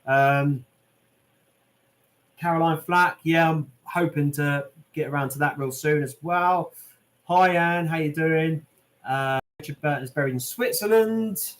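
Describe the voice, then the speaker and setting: A man's voice: fairly high pitch, measured pace. Chatty British man reading live chat. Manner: chatty, reads out viewer comments, lots of "um" and "mate". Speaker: channel host answering live chat.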